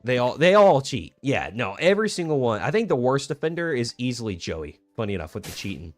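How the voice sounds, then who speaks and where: A man's voice: mid-range voice, big pitch swings, brisk, no room sound, faint music behind. A young man streaming a game, chatting casually in a laid-back, rambling way with many fillers and restarts. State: hiccuping. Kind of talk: casual gaming stream chat.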